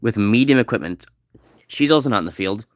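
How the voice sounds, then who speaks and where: A man giving casual, rambling commentary as he plays a game, now and then reading game text aloud quickly. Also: lowish voice, animated, no room sound, clean studio sound. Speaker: game streamer.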